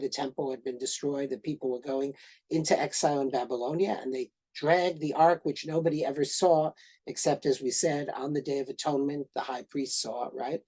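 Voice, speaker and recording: A man's voice: a little high, husky, poor audio. A middle-aged man giving an informal lecture as a professor, telling stories with lots of fillers, restarts and tag questions. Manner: animated, many fillers and restarts, asks "right?".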